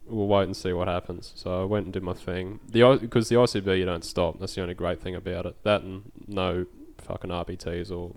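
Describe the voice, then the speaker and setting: A man's voice: sits low, fairly even intonation, a little fast, few pauses, darkish tone. A young man with an Australian accent, hosting a podcast and telling an anecdote in casual, slangy, swearing chat. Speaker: podcast host.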